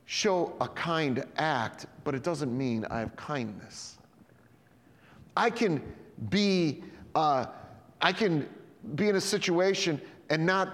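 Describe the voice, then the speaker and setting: Middle-aged male pastor, higher-pitched voice, animated conversational sermon, long hall reverb. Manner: animated, conversational preaching with sudden drops to quiet emphasis.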